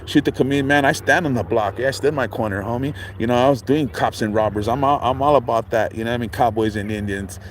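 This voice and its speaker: A man chats to his livestream viewers from outdoors by a lake. He tells a story in a loose, rambling way, full of "you know what I'm saying." His voice sits in an ordinary middle pitch, with faint noise in the background. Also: fast, few pauses, poor audio. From California. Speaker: livestream host.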